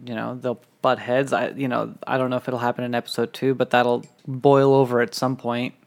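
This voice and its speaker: A man's voice: medium pitch, a little fast, creaky. Dry-witted man podcast co-host. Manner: dry, deadpan jokes. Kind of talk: casual podcast chat.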